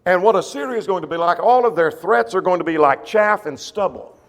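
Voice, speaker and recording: A man's voice: sits high, lively intonation, a little fast, in a large hall. A man teaching a church Bible class, explaining scripture in plain words with frequent fillers and restarts.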